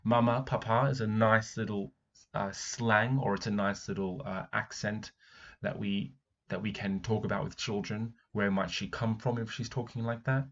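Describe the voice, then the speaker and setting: A man's voice: on the low side, steady tone, normal speed, muffled recording. A male primary teacher, reading a picture book aloud and stopping to explain it. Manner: reads passages aloud, then breaks off to explain. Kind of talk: read-aloud book analysis.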